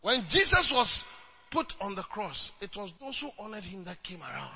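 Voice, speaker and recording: A man with a Ghanaian accent preaching a sermon as a pastor, switching between English and Twi and rising to shouts. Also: high-pitched, sing-song, normal speed, creaky, muffled recording, slight background noise.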